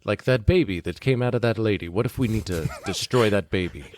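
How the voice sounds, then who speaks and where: A man playing a blunt adult male companion with a deadpan, casual delivery, in a tabletop role-play. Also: lowish voice, brisk, a little hiss or hum, natural voice.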